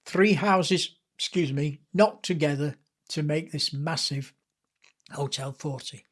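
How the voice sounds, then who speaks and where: A man's voice: on the high side, slow. Older Lancashire man telling anecdotes. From England. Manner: lively, chatty anecdotes with self-deprecating humour. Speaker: guest author. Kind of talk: anecdotal storytelling in a podcast interview.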